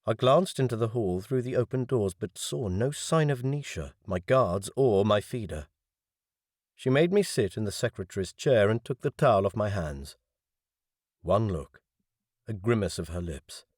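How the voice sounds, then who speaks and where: A man reading a science fiction audiobook in first person, measured and wry. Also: fairly low pitch, lively intonation, darkish tone, no room sound, studio quality. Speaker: audiobook narrator.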